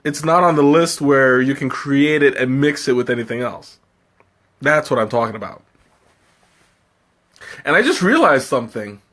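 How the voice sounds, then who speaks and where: A man's voice: mid-range voice, lively intonation, normal speed, pauses often, fairly bright tone. A man hosting a live tea tasting, chatting casually with viewers, laughing often and thinking aloud. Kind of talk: casual live-stream chat, answering viewer comments.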